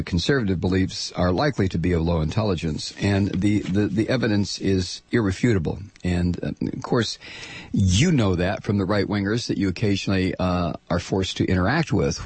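A man's voice: sits low, a little mellow, husky, no echo. An older man hosting a talk radio show, delivering a combative, sarcastic monologue.

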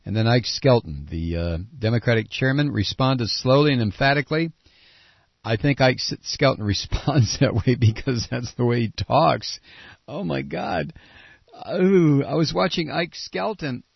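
A man's voice: medium pitch, unhurried, gravelly, slightly rough, no echo. A man hosting a political talk radio show, ranting sarcastically and reading news clips aloud, on a dull lo-fi broadcast. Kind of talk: opinionated talk radio monologue.

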